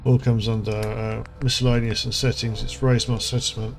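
A man's voice: medium pitch, level tone, moderate pace, slight background noise. A man, hosting a casual gameplay commentary, chatty and rambling, with lots of fillers and asides. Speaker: gaming channel host. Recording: music playing underneath.

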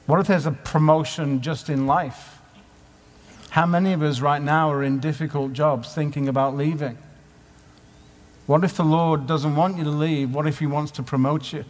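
Man, somewhat high voice, sermon, rhetorical questions, reverberant conference hall. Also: fairly even intonation, moderate pace. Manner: conversational, asks many rhetorical questions. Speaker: conference speaker. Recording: live hall with long reverb.

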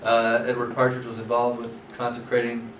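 A man's voice: mid-range voice, completely flat delivery, normal speed. A man teaching a scripture class, telling the history in a conversational way with many fillers. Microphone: far from speaker. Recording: roomy, distant, noisy room.

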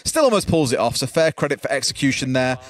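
A man's voice: mid-range voice, big pitch swings, fast talker, no room sound. A man doing esports colour commentary who jokes, laughs often and teases his co-caster.

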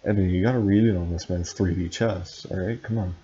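Deep, flat-voiced man reading deadpan. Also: fast. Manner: deadpan, dry asides, stumbles over words. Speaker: reader and commentator. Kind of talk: comic read-aloud of fan fiction with commentary. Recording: dull lo-fi sound, faint hiss.

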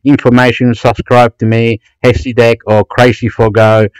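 A man's voice: mid-range voice, flat delivery, normal speed, smooth, no echo, poor audio. Vlogger, guy, swears a lot, gushes and repeats himself, dry close sound. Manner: loud, profane, gushing and repetitive. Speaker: YouTube vlogger. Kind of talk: excited rambling screen commentary.

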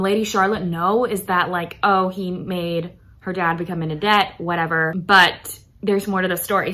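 A woman's voice: mid-range voice, pushed and bright. A young woman vlogger chatting enthusiastically about romance books, with lots of fillers. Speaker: book vlogger. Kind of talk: casual book talk.

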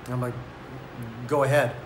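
A man's voice: medium pitch, flat delivery, normal speed, reverberant, a little hiss or hum. A man telling a story in a casual vlog, laid-back and rambling, with lots of "like". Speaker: vlogger.

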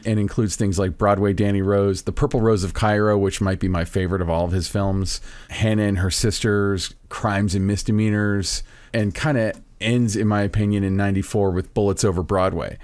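A man's voice: fairly low pitch, fairly even intonation, moderate pace, a little mellow, no echo. A man co-hosting a podcast, talking casually and eagerly about films, rattling off titles with a few stammered restarts. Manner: film-buff enthusiasm, lists titles, stammered restarts. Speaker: podcast co-host. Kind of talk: casual chat.

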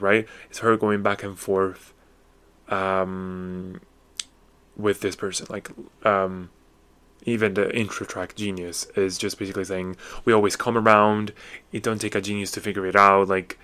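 A young man with a slightly low voice hosts his own podcast, chatting loosely about music he loves. He gushes with casual slang and leans on fillers as he thinks aloud. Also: fairly bright tone, clean tone. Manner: enthusiastic, full of fillers and slang. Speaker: podcast host. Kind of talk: casual music review monologue.

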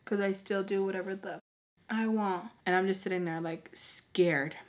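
A young woman in her twenties chats through a storytime vlog as she does her makeup. She talks in an animated, run-on way, packed with "like", and slips into the voices of the people in her story. Her pitch sits in a middle range for a woman. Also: moderate pace. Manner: animated, lots of filler "like", acts out quoted people. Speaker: beauty vlogger. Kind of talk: storytime while doing makeup.

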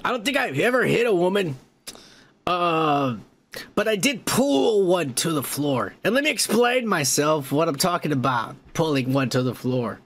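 A man with a fairly high voice hosts a comedy podcast and reads viewer comments aloud. He tells stories in a loose, casual way, swears freely and breaks into laughter often. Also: animated, normal speed, fairly bright tone, a little hiss or hum. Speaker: podcast host reading comments. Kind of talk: casual profane storytelling.

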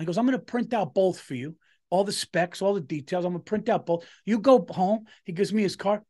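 A man's voice: high-pitched, lively intonation, fast, darkish tone. A middle-aged man, a comedian telling a story on a podcast and doing the voices of the people in it. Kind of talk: casual storytelling chat.

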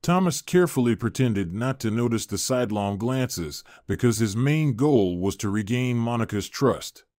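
Male storyteller, steady narration, mid-low voice, dry close voice-over. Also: normal speed, no echo.

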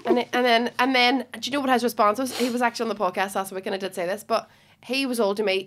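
Northern Irish woman, podcast host, chatty storyteller, fairly high voice, laughs a lot. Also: steady tone, fast talker, fairly bright tone. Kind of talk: casual chat.

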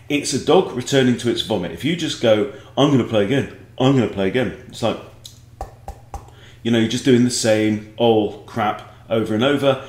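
A man teaching chess in a casual online lesson, rambling and joking with digressions. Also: fairly low pitch. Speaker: chess coach. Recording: echoey room.

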